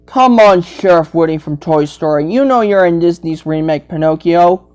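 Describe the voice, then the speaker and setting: A woman's voice: fairly low pitch, animated, moderate pace, few pauses, a little mellow. A young woman acting out a playful toy role-play, switching between character voices in a rambling, swooping way.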